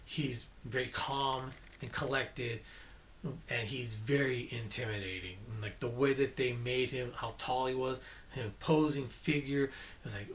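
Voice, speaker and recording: A man talking through movie reviews in a relaxed, conversational way, with an accent of his own. He is enthusiastic, stumbles and corrects himself as he goes, at a mid pitch. A faint hiss of background noise sits under the voice. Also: measured pace. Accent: non-native English, own accent. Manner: chatty, self-correcting, enthusiastic. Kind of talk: casual spoken movie review.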